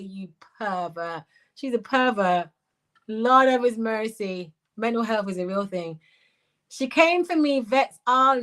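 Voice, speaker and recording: Middle-aged woman, Jamaican accent, higher-pitched, blunt and animated livestream host with patois. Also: poor audio. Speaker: livestream host reading viewer chat. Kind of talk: casual livestream commentary.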